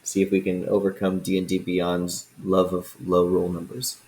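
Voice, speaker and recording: A man narrating calmly and descriptively as game master of a tabletop game. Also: low-pitched, moderate pace, a little hiss or hum, poor audio.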